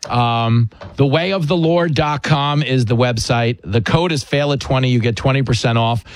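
A man's voice: medium pitch, moderate pace, no room sound, clean studio sound. A man hosting a radio talk show, joking and telling stories about himself. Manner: joking, self-mocking, animated storytelling. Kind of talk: casual radio chat.

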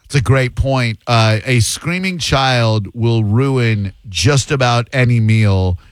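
A man's voice: mid-range voice, slow pace, no room sound. A man hosting a talk radio show, chatting casually and making sarcastic jokes. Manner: joking, sarcastic asides. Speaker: radio host.

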